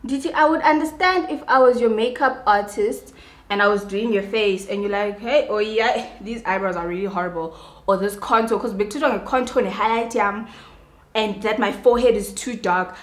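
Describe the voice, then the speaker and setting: A young woman with a South African Xhosa accent talks straight to camera while she does her makeup, in an animated, ranting way. She slips between English and Xhosa and keeps checking that her listeners understand. Her mid-pitched voice rings in a bright, echoey room at home. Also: normal speed. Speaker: beauty vlogger.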